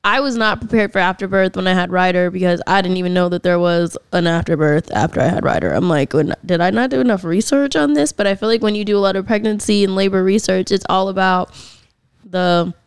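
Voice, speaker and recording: Animated young woman, smooth clear voice. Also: lowish voice, brisk, no echo, clean studio sound. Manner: animated storyteller, acts out her own past lines. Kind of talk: casual chat.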